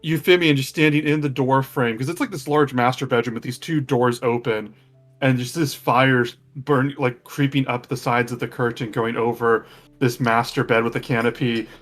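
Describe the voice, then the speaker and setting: A man runs a tabletop game and narrates the scene in a mid-range voice. He keeps pausing on ums and restarting his sentences. His pace is relaxed and informal. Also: mid-range voice, faint music behind. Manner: halting, full of ums and restarts. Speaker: game master.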